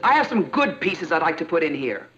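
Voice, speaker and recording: A haughty snobbish house-hunter. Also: female voice, sits low, big pitch swings, a little fast, a bit bright. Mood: condescending. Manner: haughty, condescending. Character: snobbish middle-aged woman house-hunter. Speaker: prospective tenant. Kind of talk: 1960s sitcom acting. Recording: lo-fi TV audio with laugh track and music.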